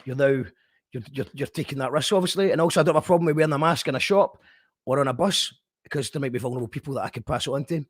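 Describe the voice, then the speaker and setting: A man hosting a casual radio show, talking hesitantly with many pauses and restarts as he reads out listener messages and chats. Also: medium pitch, dry recording, clean studio sound.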